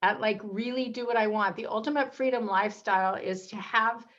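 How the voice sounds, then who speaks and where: A woman's voice: mid-range voice, brisk. A woman speaks as a guest on an interview show, with a mid-range voice. She tells her stories with energy and acts out the voices of the people in them. The audio is dull and a little lo-fi. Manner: animated storyteller, acts out quoted voices. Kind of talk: casual interview storytelling.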